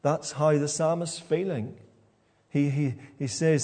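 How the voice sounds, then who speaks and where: A man preaching a sermon in a church, halting and repeating words as he talks. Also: fairly high pitch, fairly even intonation, mellow, long reverb tail.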